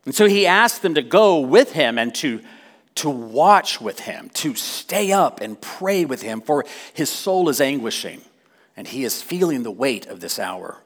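Animated, slow-paced male preacher. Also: mid-range voice. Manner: animated, with wry asides and dramatic quotes. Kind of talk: sermon. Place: church.

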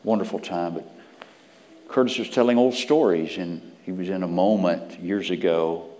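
Man preaching, low voice, hushed whispers and loud bursts, long hall reverb. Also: moderate pace. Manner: dramatic swings from hushed whispers to loud emphatic peaks. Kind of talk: sermon.

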